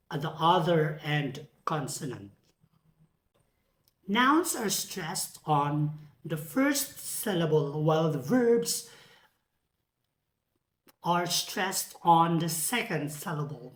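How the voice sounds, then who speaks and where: A woman teacher talks slowly and deliberately through a pronunciation lecture, repeating each example word aloud. Her voice sits a little low for a woman. It is recorded in an echoey room.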